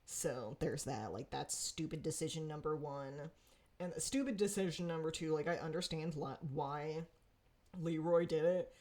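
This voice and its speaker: Young woman, low-ish voice, talks casually and animatedly, laughs a lot; a candid vlogger reviewing a show. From Pacific Northwest. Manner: animated, frustrated, laughs often.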